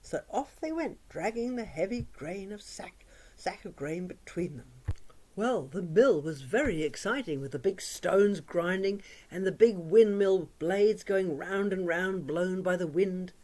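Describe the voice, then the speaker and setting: A woman tells a children's story aloud, her voice sing-song and richly expressive. Her pitch rises and falls in wide, lively swoops, and she drops to a hush for drama. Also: unhurried. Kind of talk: oral storytelling for young children.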